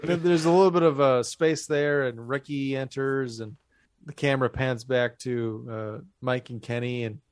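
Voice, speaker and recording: A man's voice: medium pitch, fairly even intonation, moderate pace, dry recording. A man hosting a podcast, casually and crudely retelling a film's plot with jokes. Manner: crude, joking plot recaps. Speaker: podcast host.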